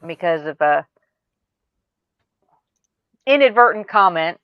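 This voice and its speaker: Low, smooth-voiced woman streamer. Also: expressive, takes it slowly, dry recording, lo-fi sound. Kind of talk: casual group chat on a livestream.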